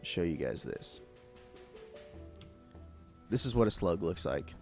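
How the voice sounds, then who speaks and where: A man's voice: low-pitched, sing-song, takes it slowly, a little mellow, faint music behind. A man talking through a game tutorial off the cuff, casual and rambling with lots of fillers. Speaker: gameplay tutorial host. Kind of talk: unscripted game tutorial voice-over.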